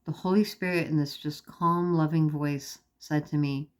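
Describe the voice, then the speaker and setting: A woman's voice: low-pitched, fairly even intonation, normal speed, few pauses. A woman, talking straight to her viewers in an earnest, emphatic personal video diary. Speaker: vlogger.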